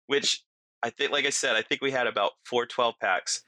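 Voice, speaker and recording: A man telling a long personal story in casual chat, animated, acting out quotes and often adding "you know" and "right". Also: medium pitch, normal speed, no echo.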